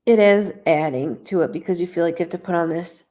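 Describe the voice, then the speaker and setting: A woman's voice: fairly low pitch, fairly quick, warm tone. A woman working as a psychic medium on a casual live stream, talking straight to the viewer in a blunt way and swearing freely.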